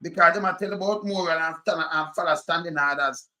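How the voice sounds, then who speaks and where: Jamaican man, political rant, blunt and emphatic, high voice, bright and forceful tone. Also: brisk. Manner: blunt, emphatic, patois-heavy. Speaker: political commentator. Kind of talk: animated commentary rant.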